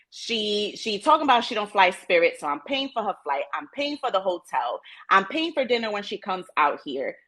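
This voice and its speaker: A woman co-hosts a relationship podcast in an easygoing, slangy manner. Her voice is bright, and her pitch swings widely as she retells stories and puts herself in other people's shoes. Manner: animated storytelling with slang. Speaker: podcast co-host. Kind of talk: casual podcast chat.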